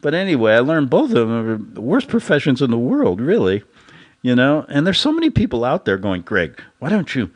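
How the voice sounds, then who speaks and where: A man's voice: medium pitch, wildly swooping pitch, brisk. A man hosting a commentary show, talking in a rambling, casual way and chuckling at his own jokes. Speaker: host.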